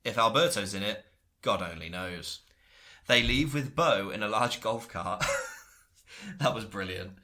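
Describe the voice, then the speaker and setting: A man's voice: fairly low pitch, lively intonation, a little slow, bright, forceful tone. A man co-hosting a podcast, recapping in casual chat, enthusiastic and laughing often. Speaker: podcast co-host.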